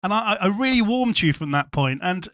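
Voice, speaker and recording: A man hosts a casual podcast interview, friendly and eager, tripping over his restarts. His voice sits fairly high for a man. The mic sound is close and dry. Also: expressive, fast, fairly bright tone, no room sound. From England (Hull). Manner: friendly, enthusiastic, stumbling restarts. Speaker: podcast host.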